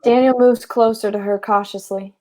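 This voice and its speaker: A woman reading stage directions aloud in a live play reading, with plain, even delivery. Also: on the high side, normal speed.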